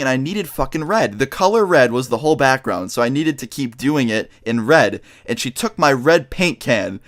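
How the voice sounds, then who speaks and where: A man telling a childhood story in a vlog, talking fast, animated and full of swearing. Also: mid-range voice. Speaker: vlogger.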